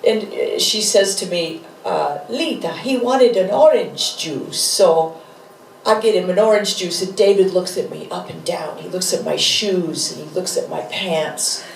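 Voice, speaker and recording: A woman in her fifties, a guest author and rock musician, telling animated stories with laughs at an onstage interview. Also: fairly low pitch, measured pace, creaky, a little hiss or hum. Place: bar venue with live audience. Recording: echoey room, mic from a distance.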